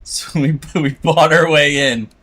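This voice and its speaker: A man's voice: fairly high pitch, fairly even intonation, measured pace, sharp tone. A man from South Florida streaming as a VTuber, chatting casually and rambling while he draws, chuckling often and poking fun at himself. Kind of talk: casual chat while drawing.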